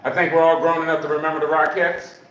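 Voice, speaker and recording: A man's voice: a little high, flat delivery, quick pace, fairly bright tone. A man leading a live exercise class for seniors, counting repetitions aloud and checking in with a frequent "okay?". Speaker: senior fitness instructor. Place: senior center room. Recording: echoey room from a distance.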